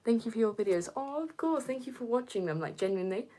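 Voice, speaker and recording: A young content creator chats on a live stream and reads out comments, speaking fast and rambling with plenty of fillers. She drifts into soft whispers at times, and her voice jumps high when she gets excited.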